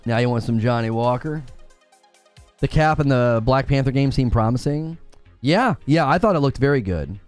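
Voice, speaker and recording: A man's voice: mid-range voice, animated, moderate pace, clear, resonant tone, no echo, soft background music. An American man hosting a co-stream, chatting casually and rambling, with many fillers. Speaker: co-stream host. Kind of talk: casual chat.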